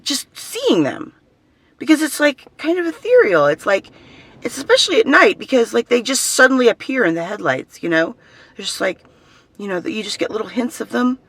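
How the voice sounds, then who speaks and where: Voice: mid-range voice, gravelly, a bit bright, slightly rough. A vlogger talking casually to camera, rambling and chatty, often trailing off and starting sentences over. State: has facial tics. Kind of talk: casual personal vlog.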